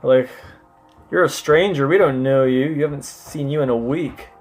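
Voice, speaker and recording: A language learner chatting casually while doing app lessons, repeating French phrases aloud and thinking out loud. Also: mid-range voice, moderate pace, over loud music. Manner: chatty and self-questioning.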